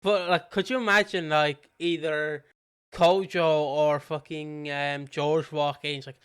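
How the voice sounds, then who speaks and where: Man, british, podcast co-host, fairly high voice, smooth clear tone, sweary animated chat. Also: measured pace. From Britain. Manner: animated, sweary retelling with mimicked voices and laughs. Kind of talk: casual chat.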